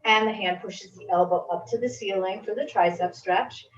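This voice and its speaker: A woman fitness instructor calmly guiding a stretching class with gentle, reassuring cues. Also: mid-range voice, moderate pace, a little hiss or hum. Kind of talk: guided exercise instruction. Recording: roomy, distant, dull audio.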